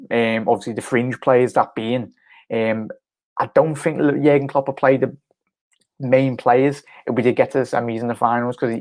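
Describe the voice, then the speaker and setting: A man's voice: medium pitch, darkish tone. A man from Liverpool rambles through a casual live reaction stream. His talk is loose and filler-heavy, and he keeps breaking off to answer viewers' comments by name. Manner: rambling, chatty, many fillers and restarts, reads viewer comments aloud. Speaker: fan channel host.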